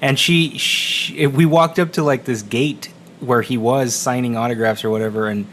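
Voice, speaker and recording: A man's voice: medium pitch, fairly even intonation, normal speed, a bit bright, a little hiss or hum. Rambling male podcast co-host. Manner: rambling, laughs often, trails off with fillers. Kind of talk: casual chat. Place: small recording studio.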